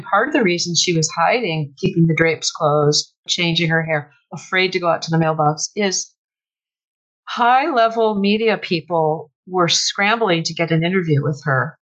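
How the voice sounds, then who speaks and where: Animated woman storyteller, dull audio. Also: on the low side, normal speed. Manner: animated, breaks into shrieks and laughter when retelling. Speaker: author guest. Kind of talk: conversational storytelling.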